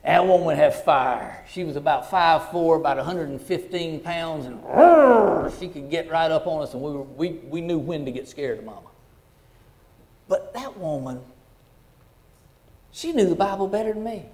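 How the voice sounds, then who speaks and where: A middle-aged preacher with a fairly high voice tells a story from the pulpit. He is folksy and heartfelt, and he drops to a hush and then rises to full volume. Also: normal speed. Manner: folksy, heartfelt, swings from hushed to loud. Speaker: pastor. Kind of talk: sermon storytelling.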